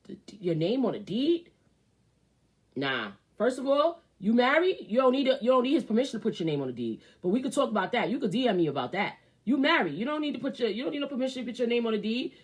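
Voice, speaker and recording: A woman hosts a casual advice show, reading a viewer's letter aloud in a high-leaning voice with a breathy edge. She reacts with loud outbursts and muttered asides.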